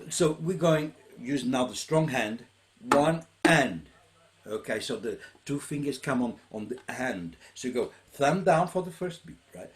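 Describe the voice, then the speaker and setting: Encouraging man counting bongo beats. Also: medium pitch. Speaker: percussion teacher. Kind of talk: music workshop teaching. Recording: music playing loudly.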